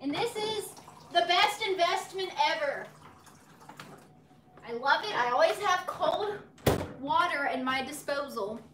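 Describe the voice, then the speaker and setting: Cooking live at home with a tripod-mounted phone, this bubbly young host chats with viewers and talks to her dog. She has a very high, lively voice at a measured pace, pausing often amid a noisy background.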